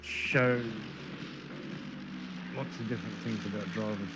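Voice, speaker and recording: A middle-aged man commentating a live sim race, chatty and gruff with his co-hosts. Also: lowish voice, steady tone, a little slow. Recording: loud noise on stream audio.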